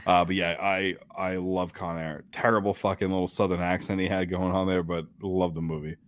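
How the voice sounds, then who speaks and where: A man with a very deep voice trades jokes and stories as a podcast co-host. He is casual and profane, with a joker's delivery. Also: little pitch movement, a little fast, no room sound. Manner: profane, jokey storyteller. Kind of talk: casual chat.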